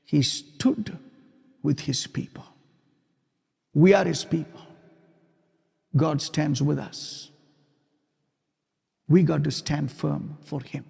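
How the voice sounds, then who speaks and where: Gravelly-voiced man preaching in a reverberant hall. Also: fairly high pitch, takes it slowly, pauses often. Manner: preaching, rising to loud emphatic repetition. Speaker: pastor. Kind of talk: sermon.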